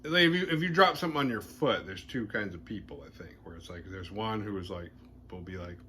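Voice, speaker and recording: A man hosting a horror movie podcast, retelling a film's plot in a casual, animated and playfully crude way. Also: lowish voice, brisk, slight background noise.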